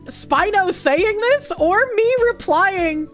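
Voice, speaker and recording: A woman's voice: high voice, moderate pace, faint music behind. A woman streamer chatting casually and reading chat messages, with crude, laughing, incredulous reactions.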